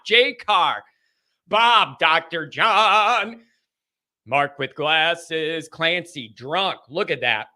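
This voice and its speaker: A man hosting a live sports call-in show, excitable and joking, who breaks into yelling. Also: on the high side.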